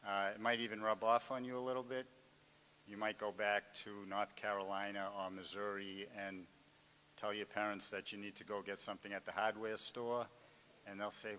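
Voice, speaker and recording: A man's voice: lowish voice, little pitch movement, normal speed, bright, forceful tone, long reverb tail, slight background noise. A man with a Boston accent, an author speaking earnestly and restarting his sentences often as he reflects on his life and addresses students. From Greater Boston.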